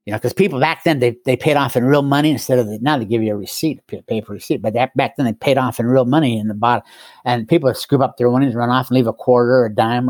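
A middle-aged man tells his story in an easygoing way, joking at his own expense and chuckling often. His voice sits at an ordinary pitch. The sound is dry and close. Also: no room sound. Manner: wry, self-mocking humor with chuckles. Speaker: guest speaker in recovery. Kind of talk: casual storytelling.

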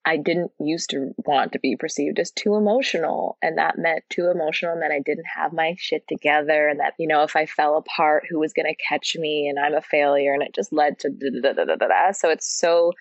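Female guest, very low pitch with husky edge, reflective and frank, dull lo-fi dry sound. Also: steady tone, brisk, few pauses, dry recording. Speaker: guest, yoga teacher and author. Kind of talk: casual interview chat.

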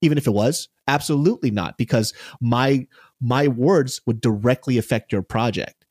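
A man's voice: mid-range voice, normal speed, no echo, clean studio sound. A man hosting a podcast, talking bluntly and casually with lots of swearing. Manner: blunt, profane and animated. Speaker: podcast host.

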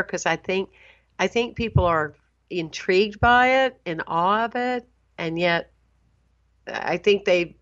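A middle-aged woman, a minister hosting an interview, earnest and animated, talking in bursts. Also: fairly low pitch, lo-fi sound. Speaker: host, minister. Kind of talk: interview host chat.

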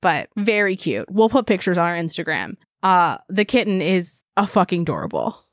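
A woman's voice: on the low side, very animated, normal speed, no room sound. Woman podcast co-host, laughs a lot, playful riffing, dry sound. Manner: giggly, playful, rambling. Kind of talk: casual chat.

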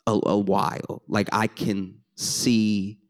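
Speaking straight to a live audience, this Louisiana man tells a funny story onstage in a lively, wry manner. His pitch is fairly low and he talks slowly.

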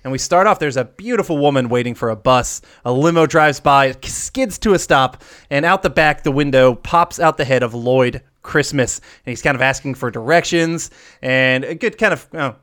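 A man's voice: medium pitch, moderate pace, a bit bright. A man in his thirties co-hosting a podcast, chatting casually through a movie breakdown and laughing often. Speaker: podcast co-host.

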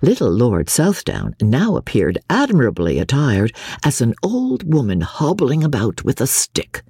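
A woman narrating a classic novel as an audiobook, with a close studio mic and an expressive reading that lifts her voice for the characters. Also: extremely low pitch, unhurried, breathy edge, no room sound.

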